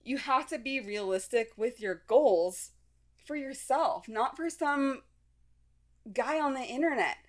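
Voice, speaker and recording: A mother who hosts her own podcast talks casually and frankly on her own, in a high voice at a slightly slow pace. Her speech is full of fillers and restarts.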